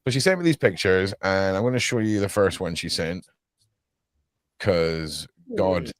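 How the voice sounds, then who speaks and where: A man's voice: low-pitched, unhurried, no room sound, studio quality. A man with a Scottish accent talking casually as a podcast guest, telling stories and often repeating his words. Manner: relaxed storytelling, repeats words. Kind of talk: casual chat.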